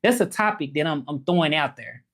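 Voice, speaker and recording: A man's voice: fairly high pitch, lively intonation, brisk, a bit bright. Chatty man with a Southern accent. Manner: chatty, repetitive, talks straight to viewers. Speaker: livestreamer and language teacher. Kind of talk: casual livestream chat reading comments.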